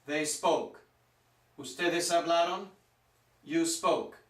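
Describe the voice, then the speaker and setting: A man with a slightly high voice gives a grammar lesson at a slow, deliberate pace, drawing out each word. He sits well back from the microphone, so his voice carries a roomy echo. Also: steady tone, a bit bright. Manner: slow, deliberate, stretches out Spanish words for pronunciation. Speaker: Spanish teacher. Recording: roomy echo, mic some distance off.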